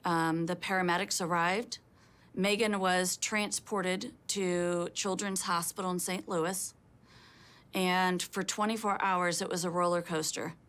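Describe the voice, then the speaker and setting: A middle-aged woman, a mother telling her own story as a personal testimony in a slow, measured way. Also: lowish voice, fairly even intonation, a bit bright. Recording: music playing underneath.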